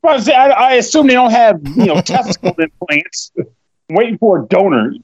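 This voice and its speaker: A man with a high, very lively voice teases his co-host on a podcast, swearing and breaking into laughter easily. His speech swings up and down with animated energy. The audio is dry and a little dull, as if from a modest call mic. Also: normal speed, husky, no echo. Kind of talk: casual podcast banter.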